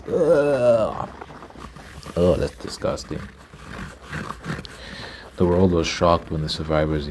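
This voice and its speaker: A man's voice: a bass voice, noisy background. A man doing whispered ASMR storytelling, reading a story aloud and stopping to react to it. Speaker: ASMR creator.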